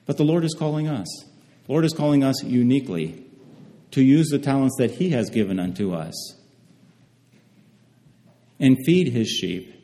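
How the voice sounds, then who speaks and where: Long hall reverb surrounds a preacher's mellow, dark voice as he delivers a sermon. He reads scripture slowly with careful emphasis and lively intonation at a medium pitch, frequently pausing and restarting his phrases.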